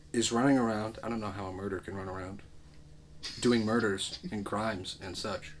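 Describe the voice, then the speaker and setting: A man's voice: on the low side, a little hiss or hum. A man reading a comedy script aloud, narrating the action and adding dry, wry asides. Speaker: script reader.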